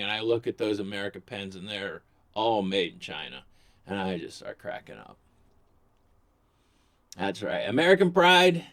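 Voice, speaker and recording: A man talking in a casual, rambling vlog, sarcastic and profane, with frequent restarts. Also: mid-range voice. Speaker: vlogger.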